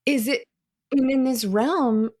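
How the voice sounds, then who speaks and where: A woman's voice: sits high, slow pace, darkish tone. A young woman co-hosting a podcast, asking rambling, eager interview questions of her guest. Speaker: podcast co-host.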